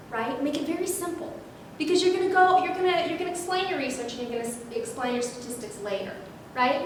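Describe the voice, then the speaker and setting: A woman presenting a public speaking workshop, lively and animated, often checking in with "right?". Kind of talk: instructional workshop talk. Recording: very echoey room, distant mic, faint rumble.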